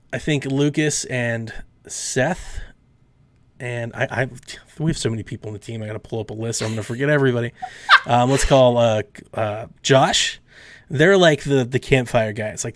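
A man hosting a casual podcast, rambling and acting out his friends' lines in quick voices. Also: mid-range voice, no echo. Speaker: podcast host.

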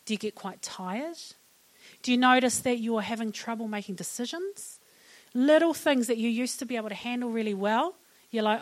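A middle-aged woman with a New Zealand accent speaks to an audience about mental wellness. Her voice sits a little high. She is chatty and humorous, and she often laughs at her own jokes. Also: animated, normal speed. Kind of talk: public talk to an audience.

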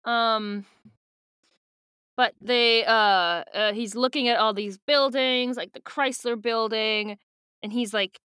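A woman's voice: on the high side, fairly even intonation, slow pace, bright, forceful tone, clean tone, no echo, studio quality. A woman co-hosting a podcast in casual book-club chat, talking with lots of fillers and offhand swearing. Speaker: podcast co-host.

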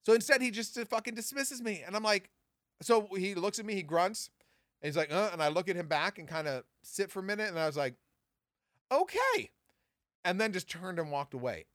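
A man in his thirties from Southern California, casually telling profane stories on his podcast with big jumps in pitch. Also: fast, a bit bright, dry recording, studio quality. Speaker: podcast host. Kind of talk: casual storytelling.

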